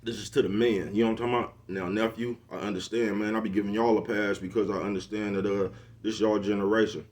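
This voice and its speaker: A middle-aged man speaks to his camera in a low voice. He lectures like a preacher and keeps asking if you know what he's talking about. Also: steady tone, fast, a little mellow. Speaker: social media commentator. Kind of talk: casual monologue to camera.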